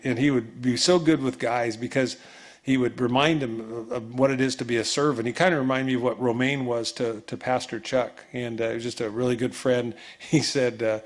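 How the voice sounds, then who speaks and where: A man, a pastor, preaching a Bible study in a loose, conversational way, acting out quoted voices. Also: mid-range voice. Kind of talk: sermon.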